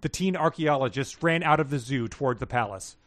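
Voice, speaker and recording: A male podcast co-host chats casually and reads book passages aloud, tossing in laughing asides. His medium-pitched voice is fairly quick and fairly bright, captured in a dry, studio-quality recording.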